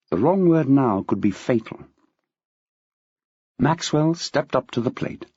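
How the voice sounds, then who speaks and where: A man narrating an audiobook in a measured, expressive reading style. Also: medium pitch, breathy edge, no room sound. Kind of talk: scripted narration. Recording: dull, dry.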